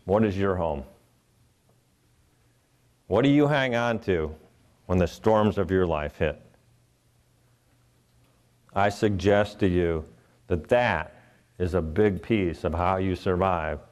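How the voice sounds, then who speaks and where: Middle-aged male keynote speaker, low register, earnest storyteller who acts out the voices in his stories. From Ohio. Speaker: motivational speaker.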